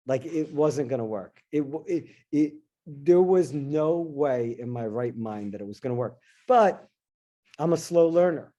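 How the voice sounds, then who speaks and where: A middle-aged man, a guest in an interview, telling a personal story in an animated, casual way and acting out his own past lines. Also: on the high side, measured pace. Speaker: interview guest, dentist and investor.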